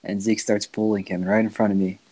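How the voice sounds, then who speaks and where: A young man guesting on a podcast, telling a wildly exaggerated story with a straight, deadpan delivery. His voice sits somewhat low. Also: a little fast, no room sound. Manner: deadpan teller of exaggerated tall tales, laughs at his own jokes. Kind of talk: casual chat.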